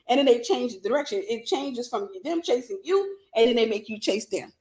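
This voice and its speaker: A woman's voice: on the high side, lively intonation, brisk, few pauses, a little mellow. A woman minister giving an emphatic, repetitive sermon-style Bible lesson, calling out to her listeners.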